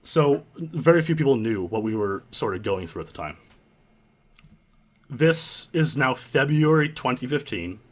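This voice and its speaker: A young man hosting and narrating his own story in an earnest, halting way, often restarting his sentences. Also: medium pitch, animated. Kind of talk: reflective storytelling commentary.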